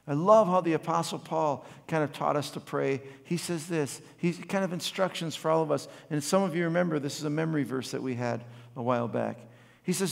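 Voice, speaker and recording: A man's voice: a little high, lively intonation, fairly quick, gravelly. Dynamic preacher man in a reverberant hall. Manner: dynamic preaching, swinging from loud passion to quiet reflection. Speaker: pastor. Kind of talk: sermon. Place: church sanctuary.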